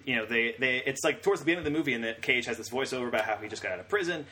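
A man's voice: medium pitch, rapid-fire, sharp tone. A young man co-hosting a podcast, retelling scenes in a rambling, casual way with frequent laughter. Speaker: podcast co-host. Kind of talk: casual chat.

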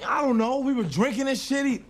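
An actor playing a rough young boyfriend who talks loosely and mumbles. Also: male voice, very high voice, fast talker, a little hiss or hum. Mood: defensive. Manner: mumbling, loose street talk. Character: rough young man, easily led boyfriend. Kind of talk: film drama acting.

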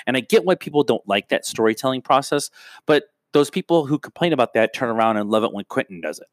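A man's voice: medium pitch, expressive, fast, no echo. A man co-hosting a podcast, talking through his opinions in a rambling way, with lots of filler sounds and restarts. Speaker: podcast co-host. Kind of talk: casual chat.

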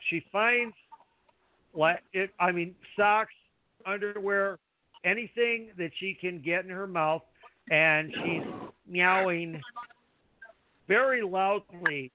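A man hosting a wrestling podcast, chatting casually in a halting, rambling way with many fillers. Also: high-pitched, dry recording. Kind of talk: casual chat. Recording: dry tinny phone-like sound.

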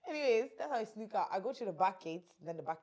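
A woman's voice: mid-range voice, animated, fast. A young woman, co-hosting a podcast in casual chat, teasing her friend and chiming in. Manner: teasing, chiming in, drops quiet at the end of her points. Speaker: podcast co-host.

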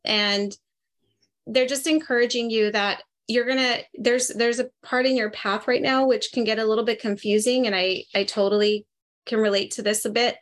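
A woman working as a medium who gives a spirit reading to a participant during a live group session, talking in a chatty, animated way and often laughing. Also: a little high, moderate pace. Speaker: medium, interview guest.

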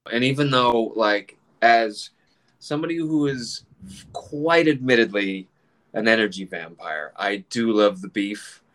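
A man's voice: lowish voice, a little slow, fairly bright tone. Laughing, profane middle-aged man rambling. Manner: rambling, profane, laughs often, acts out quoted exchanges. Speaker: comedian, group admin. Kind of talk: casual podcast chat.

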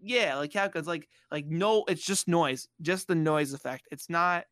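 A man from Bosnia, the podcast host, casually telling a childhood story and acting out the people in it with squeaky voices. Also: unhurried, no echo. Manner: animated, acts out quoted voices in high squeals.

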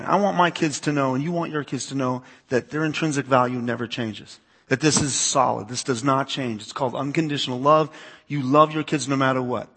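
Gravelly husky youth pastor, a man. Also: medium pitch, fairly bright tone. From East Coast of the US. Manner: conversational, repeats words, asks the crowd to raise hands. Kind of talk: talk to a church audience.

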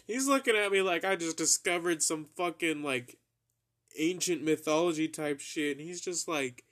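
A man's voice: fairly high pitch, lively intonation, brisk, a bit bright. A young man hosting a podcast, casually telling a rambling, profane story and laughing at his own jokes. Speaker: podcast host.

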